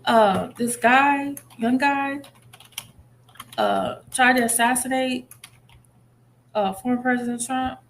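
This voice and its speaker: A woman's voice: a little high, slow pace, pauses often, a bit bright, slight background noise. A woman giving a casual, chatty commentary monologue, telling a story animatedly and acting out quotes.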